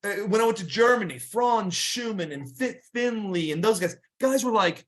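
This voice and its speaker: A man's voice: high voice, animated, normal speed, hardly any pauses, a bit bright. A middle-aged man telling rambling wrestling stories in a casual interview, with many restarts and fillers. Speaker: guest wrestler.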